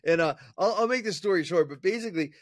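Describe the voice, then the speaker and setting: A man as an interview guest, telling a personal story in an energetic, chatty way with fillers and restarts. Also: high-pitched, fast talker, no echo, clean studio sound. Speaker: interview guest, professional speaker. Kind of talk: casual storytelling in conversation.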